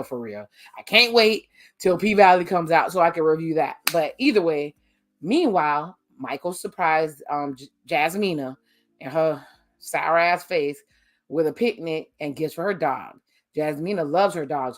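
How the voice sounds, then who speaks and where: A young adult woman giving a casual TV recap at home, sassy and animated, with slangy asides and mock-quoted outbursts. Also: sits low. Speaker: TV recap vlogger. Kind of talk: casual TV review.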